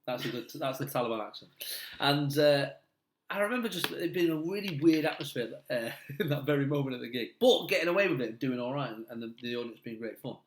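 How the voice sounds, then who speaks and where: A man's voice: medium pitch, expressive, fast. Mancunian comedian guy, rambling stories, bit echoey room. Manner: rambling anecdotes, self-deprecating, laughs mid-story. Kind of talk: casual chat. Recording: roomy echo.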